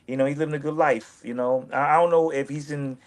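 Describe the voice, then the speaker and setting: A man with a slightly high voice tells a rambling personal story in loose, casual talk. He circles back on his points and jumps into animated quoted dialogue, his voice climbing when he plays the other people. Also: fast talker.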